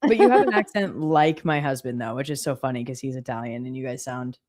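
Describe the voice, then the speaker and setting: Low-pitched woman in her thirties, chatty co-host, tells lively anecdotes. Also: a little fast. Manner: animated storyteller, mimics her husband. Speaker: co-host of a live trading stream. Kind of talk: casual chat.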